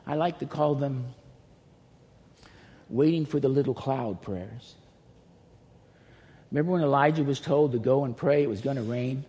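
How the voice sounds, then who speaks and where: A man preaching a sermon as pastor, emphatic and repetitive, swinging between loud pleas and hushed near-whispers. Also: mid-range voice, moderate pace, long pauses. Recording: reverberant hall with faint noise.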